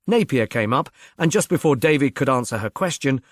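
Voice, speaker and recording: A man narrating a novel aloud in a measured, even storytelling manner. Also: mid-range voice, no echo, studio quality. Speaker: audiobook reader. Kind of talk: scripted narration.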